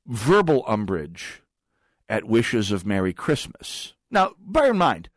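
A man's voice: lowish voice, wildly swooping pitch, slow pace, dry recording. A man hosting a talk radio show, delivering a sardonic, digressive monologue with wry asides into a studio microphone.

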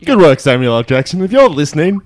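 Opinionated man, lively pitch. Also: fast. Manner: opinionated, loud outbursts. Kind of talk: casual film chat.

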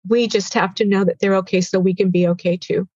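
A woman in her sixties giving an earnest personal testimony as an interview guest, halting and tearful at times. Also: medium pitch, steady tone, a little mellow, no echo, dull audio.

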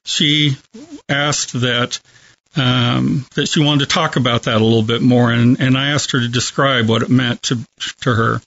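A man calmly telling a reflective story as a guest on a radio talk show. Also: mid-range voice, normal speed, lo-fi sound. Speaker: hospice worker telling a story.

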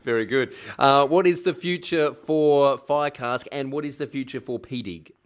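An Australian man hosts a casual interview. His voice sits at an ordinary middle pitch. He asks his questions in a friendly, chatty way. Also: moderate pace. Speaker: podcast host.

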